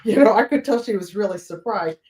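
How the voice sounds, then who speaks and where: An older woman chats on a livestream and tells family stories with lots of animation. She lifts her voice to act out the people she quotes. Her voice rings with the echo of a bare room, at a middle pitch. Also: a little fast, warm tone. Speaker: guest storyteller. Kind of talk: casual chat on a livestream. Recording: roomy echo.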